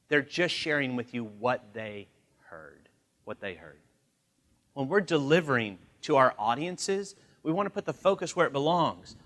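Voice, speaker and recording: A man in his forties leading a live communication training seminar, acting out quoted voices as he talks. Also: mid-range voice. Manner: animated, acts out quoted voices. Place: large training room.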